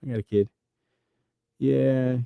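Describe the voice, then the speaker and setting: A man's voice: medium pitch, steady tone, slow, vocal fry, smooth, no room sound, phone-quality sound. A man hosting a livestream, reading chat and riffing through improvised comic rambles that swear freely.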